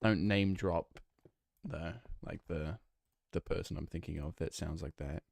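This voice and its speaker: A man's voice: low voice, a little slow, gravelly, darkish tone, dry recording. A young man with a northwest English accent close to Manchester, chatting casually with his stream chat while he plays, rambling and restarting his sentences. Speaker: game streamer.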